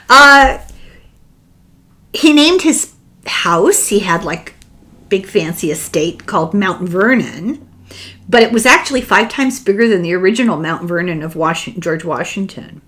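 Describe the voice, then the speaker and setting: An older woman with an Irish accent talks casually and wryly, as if sharing a conspiracy with a friend. Her pitch sits mid-range but moves with great animation. She tells the story the way a host talks to regular listeners. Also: fairly bright tone. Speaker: podcast host discussing a book. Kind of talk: casual chat.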